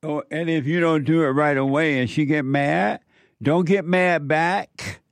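A man with a fairly high voice hosts a call-in show and counsels a caller. He speaks slowly and with emphasis, circling back to repeat each point. His voice is close and dry. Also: gravelly, dry recording. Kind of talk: advice talk with a caller.

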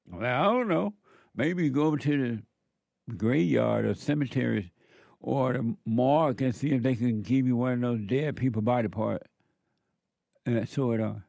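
A man's voice: medium pitch, moderate pace, vocal fry, long pauses, darkish tone, dry recording. A man giving an informal spiritual talk as a counselor, blunt and emphatic, repeating words for stress.

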